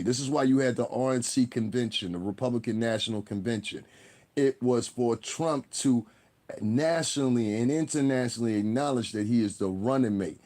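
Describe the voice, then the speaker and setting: A livestreamer rants profanely at his viewers, blunt and combative, cursing heavily and rambling straight to them. His mid-range voice is a little mellow and moves at a moderate pace.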